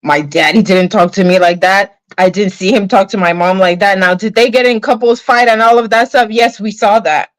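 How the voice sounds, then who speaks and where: A woman hosting a casual livestream, venting in an animated way, swearing now and then and greeting viewers in her chat. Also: medium pitch, normal speed, hardly any pauses, dry recording, rough recording. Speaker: livestream host.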